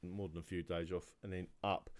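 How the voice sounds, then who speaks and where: Tired guy rambling on his livestream, lowish smooth voice, dry close sound. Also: level tone, brisk, a little mellow, no echo. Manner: rambling, chatty, trails off into muttering. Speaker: livestream host. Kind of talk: casual livestream monologue.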